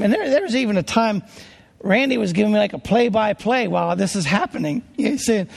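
Male pastor from Pennsylvania, storytelling sermon, gravelly voice, long church reverb. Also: high-pitched, expressive, a little fast. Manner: earnest, conversational, with restarts.

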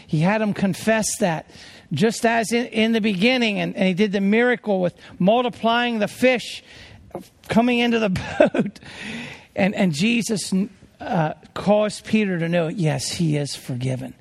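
A man's voice: sits high, a little slow, gravelly. A man preaching a sermon as a traveling preacher, earnest and emphatic as he tells stories.

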